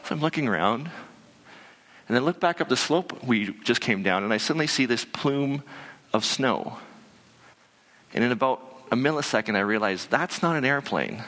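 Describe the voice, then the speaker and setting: A man telling a personal story to an audience, animated and conversational, with many fillers and restarts. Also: medium pitch, moderate pace, big-room sound. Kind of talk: live storytelling talk.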